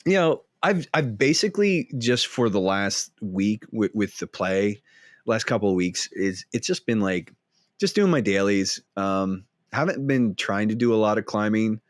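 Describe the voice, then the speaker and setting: A man's voice: on the low side, expressive, measured pace, no room sound. A young man co-hosting a podcast in laid-back chat, full of "like" and gamer slang. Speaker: podcast co-host.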